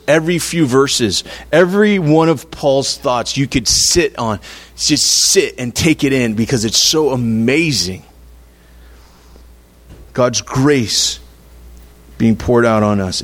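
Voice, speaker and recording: A man's voice: mid-range voice, takes it slowly. A man preaching a sermon in a conversational, playful way, acting out little quotes to make his point. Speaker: pastor.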